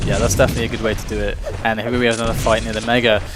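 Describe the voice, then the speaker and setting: A man casting a live online game match, play-by-play, getting excited at big plays. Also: lowish voice, very fast. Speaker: esports caster. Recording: long reverb and steady noise.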